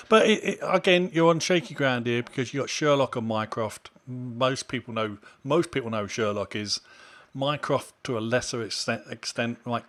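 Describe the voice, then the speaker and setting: A man's voice: mid-range voice, a bit bright. A man co-hosting a podcast, talking in an opinionated, emphatic way that builds to exasperated outbursts. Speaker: podcast co-host. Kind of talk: casual chat.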